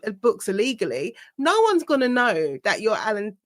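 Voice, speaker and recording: A woman hosting a podcast interview, expressive in her speech and quick to laugh. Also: mid-range voice. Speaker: podcast host. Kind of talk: conversational interview.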